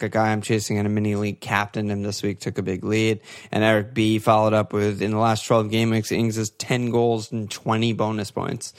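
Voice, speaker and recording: A man co-hosting a casual fantasy football chat, laughing often and swearing as he retells matches. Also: lowish voice. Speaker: podcast co-host.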